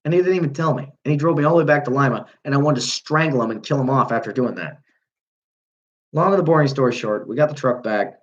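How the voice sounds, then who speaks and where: A man's voice: mid-range voice, fast talker, lo-fi sound. Young man rambling through a garage story. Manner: rambling, profane, self-correcting. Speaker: livestream host. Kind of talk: casual storytelling.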